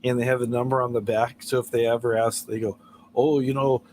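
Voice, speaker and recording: A man's voice: medium pitch, flat delivery, fast talker, slight background noise, poor audio. A man hosting a casual late-night livestream, telling stories and chuckling often as he talks. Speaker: livestream host.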